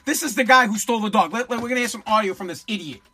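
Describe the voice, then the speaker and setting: A man's voice: sits high, rapid-fire, sharp tone, husky. A man from Boston hosting his own podcast, ranting in a blunt, mocking and profane way. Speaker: podcast host. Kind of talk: ranting solo podcast commentary.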